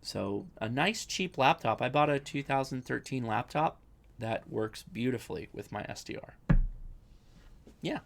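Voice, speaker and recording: A young adult man hosts a casual live-stream Q&A, chatting and rambling through viewer questions and often correcting himself. His medium-pitched voice is animated and creaky, and he speaks a little slowly.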